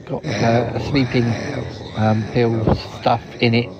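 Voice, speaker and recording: A man's voice: mid-range voice, flat delivery, heavy background noise. A man playing a quacking pest exterminator. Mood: cheerful. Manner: halting, full of ums and repeated quacks. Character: male pest exterminator who keeps saying quack. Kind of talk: improvised comedy podcast role-play. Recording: dull lo-fi recording with crowd behind.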